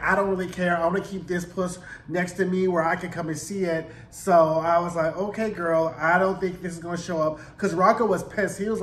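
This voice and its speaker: A man recapping a TV episode in a casual, slangy vlog, acting out the characters' lines as he goes. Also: sits high. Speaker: TV show reviewer. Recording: roomy echo.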